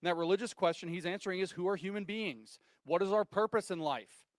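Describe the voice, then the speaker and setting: A man's voice: high voice, quick pace, no echo, clean studio sound. A man giving a public talk, driving points home with rhetorical questions. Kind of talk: public lecture.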